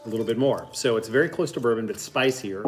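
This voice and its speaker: A man's voice: medium pitch, fast, over loud music. A man hosting a casual home cooking show, swearing freely and cracking jokes while he mixes drinks and explains the recipe. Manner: profane, wisecracking.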